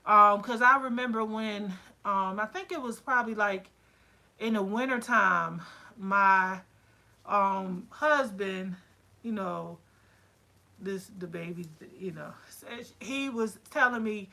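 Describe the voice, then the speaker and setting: A woman running a casual livestream about her candle business, chatty and excitable, full of fillers and quoted asides. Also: medium pitch, slow, vocal fry. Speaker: candle-making business owner.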